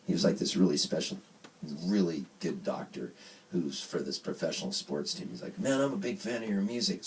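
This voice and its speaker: A man telling a funny, self-mocking story to a live audience at a small venue, animated and laughing. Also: low voice. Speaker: singer-songwriter telling a story on stage. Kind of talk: live storytelling between songs. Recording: distant mic, faint room noise.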